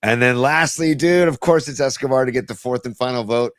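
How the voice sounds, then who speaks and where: A man's voice: medium pitch, a little fast, no echo, clean studio sound. A man co-hosting a podcast in casual sports chat, loose and chatty, reading listener song picks. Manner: loose and chatty, calls everyone dude. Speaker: podcast co-host.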